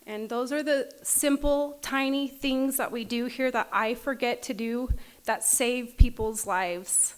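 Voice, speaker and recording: A woman's voice: fairly high pitch, steady tone, a little slow. A woman telling her recovery story at a meeting, candid and often laughing as she acts out her past self. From Utah. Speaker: AA meeting speaker. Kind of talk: personal recovery talk. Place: meeting room.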